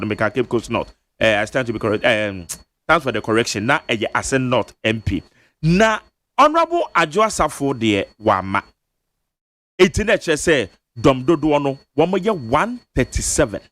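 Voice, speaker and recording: A man's voice: medium pitch, sing-song, moderate pace, a bit bright. A Ghanaian man hosting a radio talk show, reading legal text and explaining it step by step with emphasis. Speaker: radio host. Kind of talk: radio talk-show discussion mixing Twi and English. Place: radio studio.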